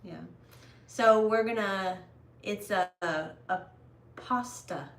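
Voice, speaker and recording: A woman's voice: medium pitch, slow, echoey room. A woman co-hosting a casual livestream at home, chatty and reading out viewer comments. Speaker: co-host.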